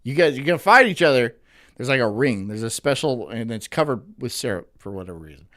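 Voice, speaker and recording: A man's voice: medium pitch, very animated, fast, a bit bright. A man commenting on video clips during a live stream in a crude, mocking, rambling way.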